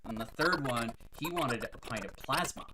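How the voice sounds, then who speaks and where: A woman with a very deep voice hosts a live stream in a casual, chatty way, cracking corny jokes and poking fun at herself. Her pitch swings up and down a lot as she talks. Steady background noise runs under her voice throughout. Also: moderate pace. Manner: corny joke-telling, self-mocking, chatty.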